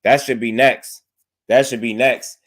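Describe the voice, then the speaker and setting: A young man hosting a casual boxing livestream, animated and slangy, talking straight to his chat. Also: mid-range voice, measured pace.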